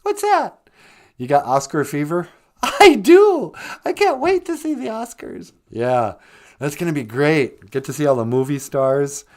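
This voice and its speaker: A female radio co-host who banters and giggles constantly. Her voice is high and bright, with big swings in pitch. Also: big pitch swings, unhurried. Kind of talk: joking morning radio chat.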